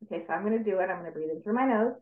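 A woman coach talks listeners through a grounding and breathing exercise in a calm, step-by-step way. Her voice comes through thin and phone-like, with an echo from the room around her. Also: mid-range voice, racing. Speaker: stress coach. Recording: tinny call audio in an echoey room.

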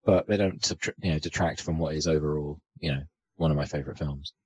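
Deep-voiced man chatting about films. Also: quick pace, husky, rough recording. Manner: rambling, hesitant, many fillers and restarts. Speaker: podcast co-host. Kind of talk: casual film discussion.

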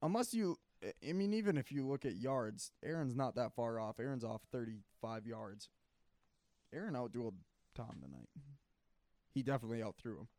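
A man in a casual sports debate who is losing his voice, animated, often clearing his throat and restarting his sentences. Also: mid-range voice, normal speed, no room sound. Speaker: sports talk co-host.

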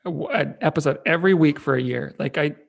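An upbeat man co-hosting a podcast, rambling and laughing often as he chats. His voice is fairly high for a man, with a lot of gravelly fry. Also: quick pace. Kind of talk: casual chat.

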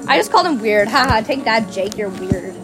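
High-voiced teasing young woman, music behind. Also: animated, brisk. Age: 20s. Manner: teasing, giggly, bursts into song. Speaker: podcast host. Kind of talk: casual chat while gaming.

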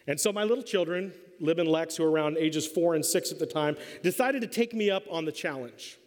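A man's voice: a little high, a little fast, darkish tone. A middle-aged man preaching a sermon as a pastor, telling a funny story and acting out the voices. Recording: long hall reverb.

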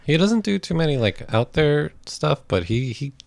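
A man's voice: on the high side, sing-song, normal speed, vocal fry, dry recording. A man co-hosting a podcast in casual chat, laid-back with short interjections. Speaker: podcast co-host.

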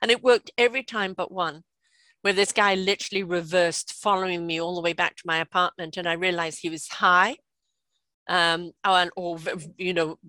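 A British woman in her sixties telling stories in a chatty, lively way, often laughing and checking in with "right?". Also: fairly low pitch, normal speed, no room sound. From Britain. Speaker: guest. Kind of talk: casual storytelling conversation.

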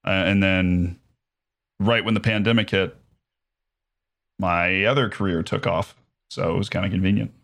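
A man's voice: low voice, fairly even intonation, normal speed, creaky, long pauses, fairly bright tone. A man chatting casually as an interview guest, speaking in a put-on English accent with frequent restarts and fillers. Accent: English-style commentator accent, put on by an American. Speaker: guest, streamer and sports commentator.

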